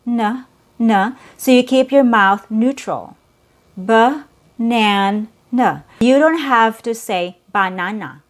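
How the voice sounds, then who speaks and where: Slow, patient woman teaching pronunciation. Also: on the high side. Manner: patient, repeats sounds and words for practice. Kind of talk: slow, clear pronunciation lesson.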